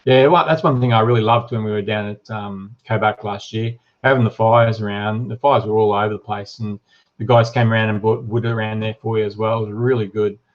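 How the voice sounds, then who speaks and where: A man's voice: on the low side, fairly even intonation, brisk. Chatty Australian man, dull lo-fi stream. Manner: chatty, reads viewer comments aloud, lots of ums and uhs. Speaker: livestream host and shop owner. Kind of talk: casual live-stream chat.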